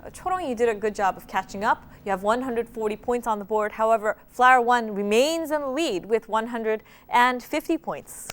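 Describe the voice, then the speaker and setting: A woman's voice: a little high, moderate pace, hardly any pauses, noisy background. A woman co-hosting a quiz show, chatting with contestants and moving the rounds along in an upbeat, teasing way.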